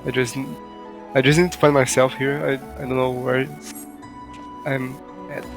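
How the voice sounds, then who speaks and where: A man from Brazil, speaking English as an in casual voice chat, halting and searching for words. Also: mid-range voice, level tone. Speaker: friend playing along. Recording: game music behind voice.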